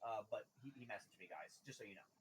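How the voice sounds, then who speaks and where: A man's voice: on the low side, quick pace, heavy background noise. A man narrating a tabletop game as game master in a loose, casual way, often laughing.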